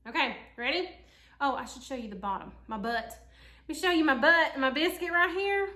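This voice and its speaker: A woman's voice: high voice, fairly quick, bright, forceful tone, echoey room. A woman with a Southern American accent, chatting folksily to viewers in a casual cooking vlog from her home kitchen. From Tennessee. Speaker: home cook.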